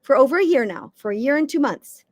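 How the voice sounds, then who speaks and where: A fairly high-voiced woman speaks as an interview guest, coaching founders with emphatic, lively delivery. She punches key words and sometimes trips over quick restarts. The sound is dry and close, with almost no room. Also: no room sound. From United States East Coast. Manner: emphatic, lively, acts out quotes, occasional stammered restarts. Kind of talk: advice-giving interview conversation.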